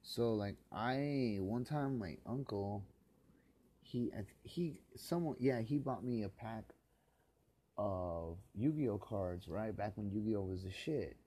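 Man, from Los Angeles area, solo podcast monologue, rambling, profane, bitter, angry outbursts, lowish, mellow dark tone. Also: lively intonation, slow, husky.

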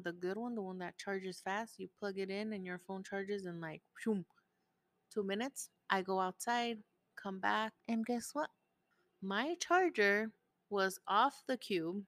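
Animated, cursing mom telling a story. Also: female voice, medium pitch, dry recording. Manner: animated, swears freely, switches between English and Spanish. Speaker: podcast host. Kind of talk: casual storytelling.

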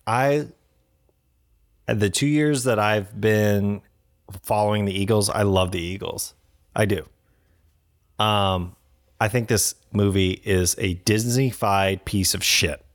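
A man's voice: fairly low pitch, takes it slowly, pauses often. A married man co-hosting a casual podcast chat, ranting bluntly and swearing freely. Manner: blunt, profane, animated rants. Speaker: podcast co-host.

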